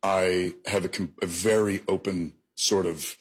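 A man answering an interview question in a measured, plain-spoken way. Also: low-pitched, fairly even intonation, slightly rough. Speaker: interview guest.

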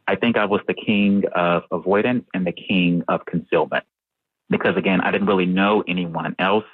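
A man who stutters, answering interview questions in a measured way with fillers and occasional repeated sounds. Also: deep voice, no room sound. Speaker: researcher and guest who stutters. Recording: tinny phone-like line.

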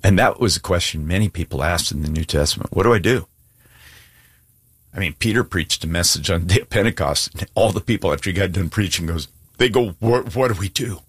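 A man with a low, husky voice preaches an earnest sermon, pleading and emphatic but plain-spoken, dropping in casual asides. The sound is close and dry. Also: brisk, a bit bright, no echo. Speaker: pastor. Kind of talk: sermon with altar call.

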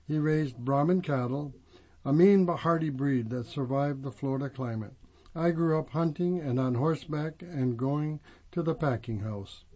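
Male reader, slightly higher voice, steady phrase-by-phrase read; dull lo-fi recording. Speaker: reader of a magazine profile. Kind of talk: reading a first-person profile aloud.

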